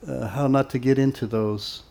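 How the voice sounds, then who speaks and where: A man giving an informal spiritual talk to devotees in a relaxed, conversational way, with many pauses and acted-out quoted exchanges. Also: medium pitch, gravelly. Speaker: monastic teacher.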